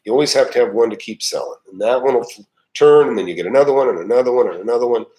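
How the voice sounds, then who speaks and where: A man's voice: mid-range voice, racing, warm tone, low-quality recording. Middle-aged male live-stream host, loose folksy delivery, lots of uh and restarts. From United States. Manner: rambling, folksy, many fillers and restarts. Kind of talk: casual live chat.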